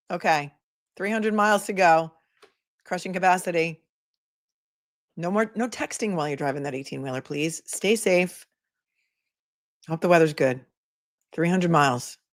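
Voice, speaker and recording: Reading viewer comments out loud, a female attorney keeps her livestream relaxed and chatty, laughing often, with a voice that sits low.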